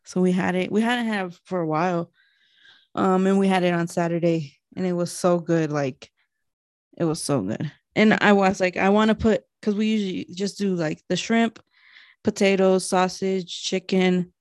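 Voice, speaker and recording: A woman's voice: lowish voice, moderate pace, a little mellow, no echo, clean studio sound. A young woman co-hosting a podcast, chatting casually in a slangy, laughing, storytelling way. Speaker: podcast co-host. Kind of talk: casual chat.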